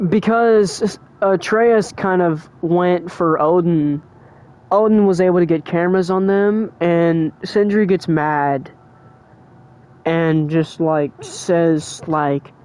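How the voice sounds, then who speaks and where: Excitable young adult streamer, chatty. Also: mid-range voice. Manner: emotional and excitable, heavy on fillers like "like" and "bro". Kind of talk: casual livestream chat.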